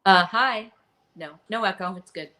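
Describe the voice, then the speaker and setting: A woman's voice: medium pitch, measured pace, sharp tone. A woman co-hosting a casual live stream over a remote call, laid-back and chiming in.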